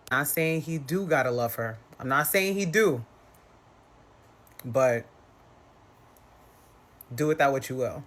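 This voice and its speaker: Blunt gossipy woman recapping reality TV. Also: low-pitched. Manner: blunt and gossipy, breaks into quoted voices. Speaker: reality TV commentator. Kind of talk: casual reaction commentary.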